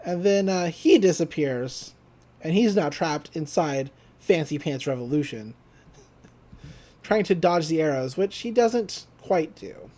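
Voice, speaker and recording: A podcast co-host rambling through an episode recap, laughing often and breaking into the lines. The pitch swings widely through every sentence, sitting at a middle level. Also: animated, takes it slowly, dark tone.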